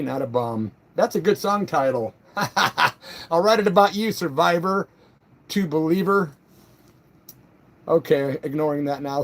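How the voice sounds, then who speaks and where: Middle aged dude on a livestream reading chat, kinda high voice, cussy and easygoing. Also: male voice. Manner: loose and profane, quick to flare up then laugh it off. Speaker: livestream host. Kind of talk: casual live-stream chat reading comments.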